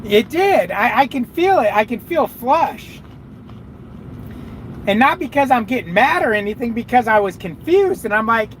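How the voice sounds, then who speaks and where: A man's voice: extremely high pitch, very animated, normal speed, slight background noise, poor audio. A man who drives trucks, chatting and cursing freely with viewers on a live stream from his cab. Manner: profane, rambling, talks to viewers and his dog. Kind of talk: casual live chat.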